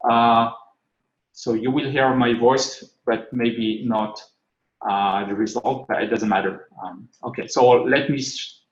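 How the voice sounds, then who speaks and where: A man's voice: mid-range voice, fairly even intonation, slow. Man with a thick French accent. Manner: hesitant, many fillers and restarts. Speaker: conference speaker. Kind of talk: technical talk. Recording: echoey, dull lo-fi sound.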